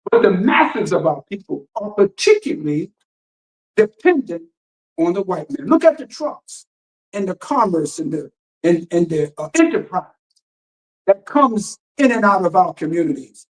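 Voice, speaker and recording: A man's voice: high voice, very animated, normal speed, rough recording. A man minister preaching emphatically and firing rhetorical questions, reading passages aloud and explaining them. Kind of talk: radio teaching sermon.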